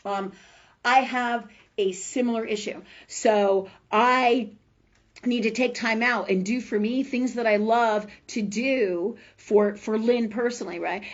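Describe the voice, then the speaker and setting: A woman's voice: medium pitch, lo-fi sound. A woman hosting a live spiritual talk forum, chatting casually with viewers in a blunt, rambling way, swearing freely and often asking "right?". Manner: rambling, with many fillers and tag questions.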